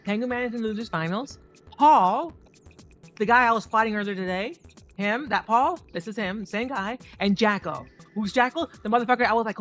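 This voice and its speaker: A woman giving excitable, profane commentary over footage of her own fighting game matches and talking straight to viewers. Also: medium pitch, brisk. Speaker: competitive fighting game player. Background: faint background music.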